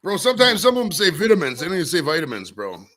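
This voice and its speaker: A man in casual chat, ranting with animated energy and swearing. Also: fairly high pitch, rapid-fire.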